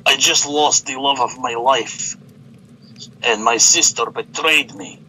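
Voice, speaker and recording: A man's voice: mid-range voice, slow, sharp tone, a little hiss or hum, poor audio. A man voicing a heartbroken, self-pitying young man who whines and stammers.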